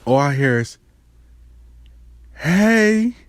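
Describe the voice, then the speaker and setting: A man's voice: normal speed, slight background noise. A man hosting his own show, telling a personal story in a profane, slangy monologue. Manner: animated, swings between high and low registers; swears freely, slangy.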